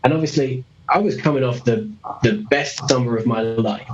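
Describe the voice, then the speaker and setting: Young man, British accent, chatty, rambling, laughs often, middle pitch, muffled audio. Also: normal speed, a crowd in the background. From Britain. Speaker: interview guest. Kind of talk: casual storytelling.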